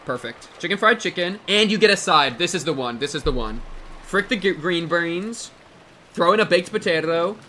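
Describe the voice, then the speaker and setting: Excitable twenty-something male streamer, bright voice. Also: a little high, moderate pace, a little hiss or hum. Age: 20s. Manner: excitable, bursts into loud yelps and shouts; talks to his chat, jokey and animated. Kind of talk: casual live-stream chat.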